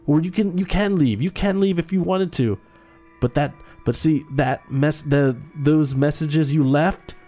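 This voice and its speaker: Playful riffing man, fairly high voice. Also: a little slow, mellow, soft background music. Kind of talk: casual podcast chat.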